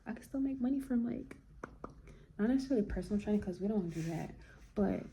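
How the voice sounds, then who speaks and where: A woman vlogger talking in a relaxed, slangy, reflective way. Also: mid-range voice, quick pace. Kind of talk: casual chat.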